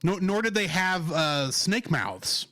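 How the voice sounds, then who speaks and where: Easygoing man, slightly high voice. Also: big pitch swings, slow, bright, forceful tone. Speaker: podcast guest. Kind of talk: casual podcast chat.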